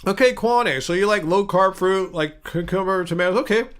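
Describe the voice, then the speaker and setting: A man's voice: sits high, moderate pace, a bit bright, clean tone. An American man hosting a casual livestream, eating while he talks and rambling through viewer comments with many fillers and restarts. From United States. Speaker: livestream host.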